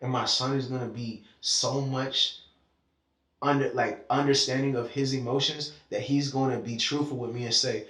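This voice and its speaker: A man's voice: medium pitch, fairly even intonation, moderate pace, a bit bright. A man in a casual conversation who talks emotionally and animatedly, swearing freely and speaking in bursts. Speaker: podcast conversation participant. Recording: echoey room, mic at a distance.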